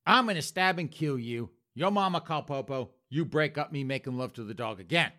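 A man's voice: medium pitch, animated, brisk, sharp tone. A man voicing a sleazy, defensive man who makes flustered, indignant excuses.

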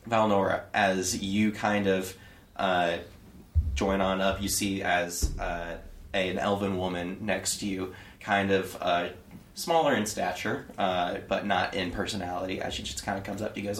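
Low-voiced man running a tabletop game. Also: little pitch movement, normal speed. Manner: loose, filler-heavy. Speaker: game master. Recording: echoey room from far off.

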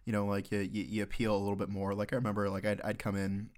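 A man's voice: lowish voice, completely flat delivery, fast, darkish tone. A Marine veteran chatting on a podcast, blunt and profane as he tells stories about leading troops. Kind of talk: casual podcast chat.

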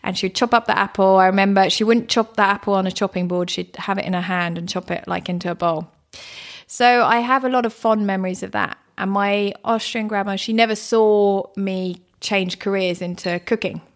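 Chatty female guest, mid pitch, some vocal fry, storyteller. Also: fairly even intonation, a little fast. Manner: chatty, warm storytelling with laughs. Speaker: guest, cook. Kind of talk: casual interview chat.

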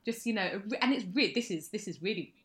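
A bright, clear-toned woman in her thirties chatting casually as a co-host. She talks in a wry, self-deprecating way, full of quick asides. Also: medium pitch, expressive. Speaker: podcast co-host. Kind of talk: casual chat.

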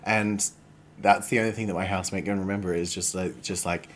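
A man with a deep voice and steady tone talks a little fast, with a bit of hiss or hum in the recording. He's a podcast co-host chatting frankly and animatedly, swearing freely and laughing a lot.

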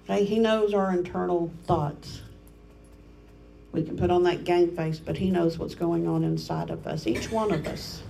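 A woman's voice: on the low side, fairly even intonation, moderate pace, gravelly, dark tone, distant mic, soft background music, low-quality recording. A woman family pastor giving a sermon in an earnest, self-deprecating way, laughing at herself.

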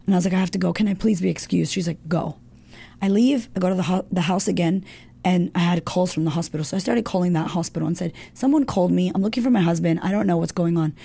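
A woman's voice: fairly low pitch, quick pace, vocal fry, warm tone, slightly rough. A woman guest in an interview, telling a personal story casually and candidly, swearing often and filling her talk with "like".

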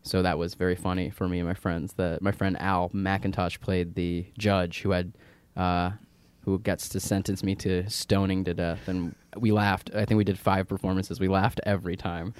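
Deep-voiced young man guest. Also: flat delivery, normal speed, clear, resonant tone, no echo. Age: young adult. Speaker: podcast guest. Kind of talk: casual interview.

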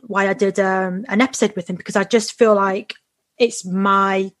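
A woman hosts a casual interview over a call, curious and encouraging. She asks questions and drops in short replies as her guest talks. Her voice sits at a middle pitch. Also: fairly even intonation, moderate pace, no room sound, studio quality. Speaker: podcast host.

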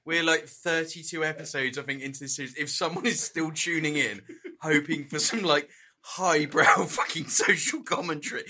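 A man's voice: a little high, normal speed, sharp tone. A man co-hosting a drunken chat podcast, joking, swearing and giggling. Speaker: podcast co-host. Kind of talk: drunken casual banter.

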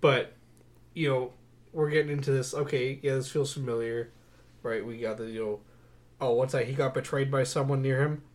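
A young man co-hosting a podcast, chatting casually about movies with a wry, sarcastic, animated delivery. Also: medium pitch, normal speed. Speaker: podcast co-host. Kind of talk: casual movie-review chat.

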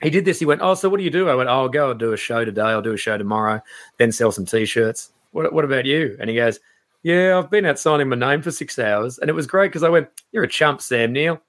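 A man, a stand-up comedian, chatting on a podcast and acting out quoted people in raised, lively voices. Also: mid-range voice, fast talker. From Australia. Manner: animated storyteller, acts out quotes in raised voices. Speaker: comedian guest. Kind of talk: casual podcast chat.

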